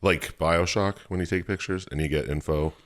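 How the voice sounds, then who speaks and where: A man's voice: low voice, normal speed. A man co-hosting a podcast, joking and chiming in casually. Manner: joking, lively interjections. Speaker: podcast co-host. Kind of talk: casual chat.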